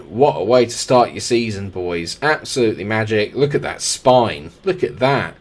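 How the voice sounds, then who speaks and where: A young man commentating his own football management game, excitable play-by-play mixed with chatty asides to the players. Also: fairly low pitch, measured pace, hardly any pauses. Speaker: gaming YouTuber. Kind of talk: live football sim commentary.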